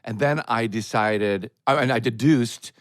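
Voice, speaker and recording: A man's voice: mid-range voice, measured pace, dry recording, studio quality. A man co-hosting a podcast, telling a story in casual chat and acting out the people he quotes. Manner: animated, acts out quoted voices. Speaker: podcast co-host.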